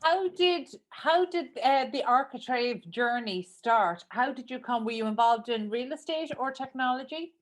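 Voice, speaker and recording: A woman's voice: high-pitched, expressive, moderate pace, few pauses. An Irish woman hosting a radio interview, upbeat and welcoming, sometimes stumbling over her words. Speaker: radio show host.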